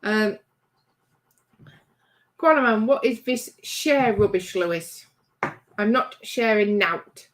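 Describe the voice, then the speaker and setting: A woman's voice: mid-range voice, slow, long pauses. A woman co-hosting a casual livestream, chatting and reading out viewer comments with a teasing manner. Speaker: livestream co-host reading chat. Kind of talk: casual chat.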